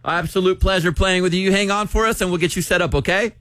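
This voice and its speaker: A man's voice: high-pitched, fairly even intonation, fast, a bit bright, dry recording. A man hosting a morning radio show, joking with callers in an upbeat way. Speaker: radio host. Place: radio studio.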